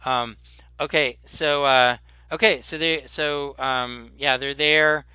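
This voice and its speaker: Bright, clear-voiced laid-back game master. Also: male voice, medium pitch, fairly even intonation, slow, dry recording. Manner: laid-back, rambling, lots of fillers. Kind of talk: narrating a tabletop game.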